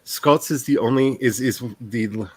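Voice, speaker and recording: A man's voice: medium pitch, measured pace, slightly rough, no echo. A man who writes books, hosting a casual stream chat in a rambling, self-deprecating way and laughing often.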